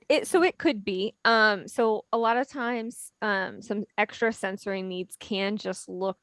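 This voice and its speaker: A woman specialist giving gentle, explanatory advice on a webinar video call. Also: mid-range voice, dry recording. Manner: gentle, explanatory, with many fillers.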